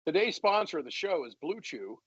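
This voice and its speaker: A man's voice: fairly high pitch, sing-song, fairly quick, husky, dry recording, dull audio. A man co-hosting a podcast, telling rambling stories in casual banter. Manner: rambling, storytelling, laughs a lot. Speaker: podcast co-host.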